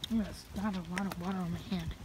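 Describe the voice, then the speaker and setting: A woman's voice: lowish voice, fairly even intonation, a little fast, noisy background. A woman vlogging alone as she walks a wooded trail, jumpy and swearing often, recorded on a handheld phone. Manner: jumpy, swears often, mutters half under her breath. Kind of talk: nervous solo walking vlog. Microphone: phone held in hand.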